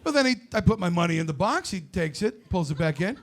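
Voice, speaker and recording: A man doing a stand-up comedy set on stage, ranting and profane, with shouted punchlines. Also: sits high, very animated, quick pace, few pauses. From United States.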